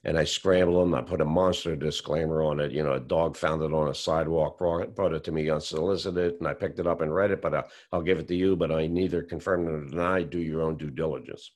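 A man telling a long personal story in an interview, animated and acting out what others said. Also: a bass voice, fast, hardly any pauses. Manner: animated storyteller who acts out quotes. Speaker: whistleblower telling his story.

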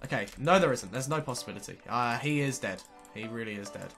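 A young man, ill with a cold, quietly muttering commentary to himself as he plays a video game. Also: medium pitch, lively intonation, fast talker, creaky, faint music behind. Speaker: gaming video host. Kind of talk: casual gameplay commentary.

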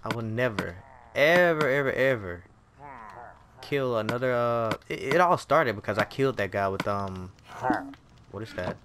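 A man's voice: medium pitch, lively intonation, normal speed, pauses often, background noise. A man giving casual commentary over his own gameplay, jumpy and exclaiming, talking straight to the game. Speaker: gaming video creator. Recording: game music playing behind voice.

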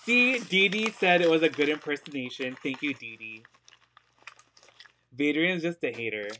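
At a normal speed, a man with a fairly high, pushed, bright voice and lively intonation hosts a livestream sale of secondhand designer purses, with slight background noise audible. He's upbeat and gushing, chatting casually with fillers and giggling often.

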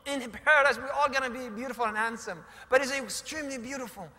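Male preacher telling a story, high bright voice, big echoey hall. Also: fast. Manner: dramatic retelling with Arabic phrases. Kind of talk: sermon storytelling.

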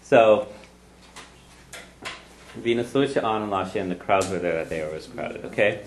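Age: adult. Sex: man. Role: language teacher. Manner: patient, step by step. Pitch: low. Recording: echoey room. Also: moderate pace, a little hiss or hum. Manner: patient, breaks phrases down word by word. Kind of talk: teaching a group class.

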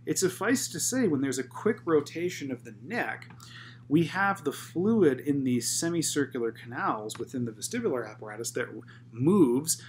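A man's voice: mid-range voice, slight background noise. A man in a physical therapy lecture who walks through anatomy step by step, posing questions and answering them himself, often checking in with "okay?". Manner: methodical, asks rhetorical questions then answers, frequent "okay?" check-ins.

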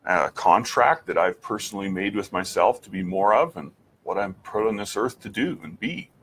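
A man giving an earnest personal faith testimony, reflective, with frequent pauses and restarts, asking the listener direct questions. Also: fairly low pitch, expressive, fairly bright tone, slight background noise. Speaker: speaker sharing his faith testimony.

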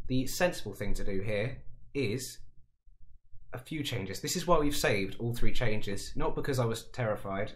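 A man giving casual, excitable commentary over a football management game, talking to himself and panicking aloud. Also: medium pitch. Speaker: gaming YouTuber.

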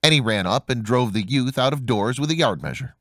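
A man narrating a fairy tale audiobook in an expressive storytelling manner. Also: medium pitch, fairly quick, dry recording, studio quality. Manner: expressive storytelling, voicing each character.

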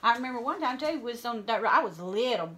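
A woman's voice: a little high, animated, quick pace, a bit bright. A middle-aged woman, a guest cousin telling childhood stories in a folksy, emphatic way. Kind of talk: casual storytelling chat.

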